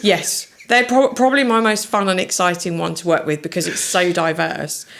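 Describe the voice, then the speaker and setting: Casting: middle-aged woman, podcast guest, lively storyteller, slightly low voice. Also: normal speed, creaky. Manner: chatty, enthusiastic storyteller. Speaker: podcast guest, social media marketer. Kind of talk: casual chat.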